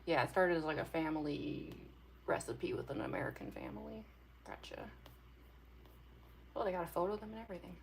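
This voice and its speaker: A woman's voice: fairly low pitch, lively intonation, brisk, vocal fry, long pauses, slight background noise. A young woman chatting casually with her viewers during a drawing livestream. She giggles often and talks in a loose, rambling way with lots of fillers. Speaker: artist livestreamer.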